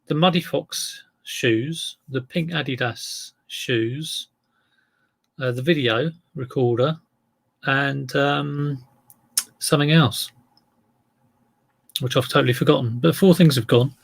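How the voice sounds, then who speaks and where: A man's voice: medium pitch, slow, creaky, long pauses. A middle-aged man chatting casually on a live stream as an eBay reseller, rambling and greeting viewers by name.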